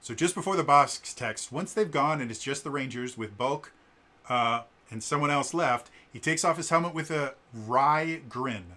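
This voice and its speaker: A man's voice: on the high side, moderate pace, bright, forceful tone. A man reviewing a tabletop game book in casual talk, stammering and restarting often. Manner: stammering, frequent restarts and fillers.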